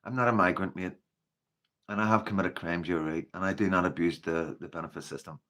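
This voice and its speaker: A man with a Northern Irish accent hosts a casual livestream, greeting viewers by name as he chats. His voice sits low and steady, fairly bright, and he moves at a brisk pace. He rambles, leaning heavily on fillers like "you know" and "like."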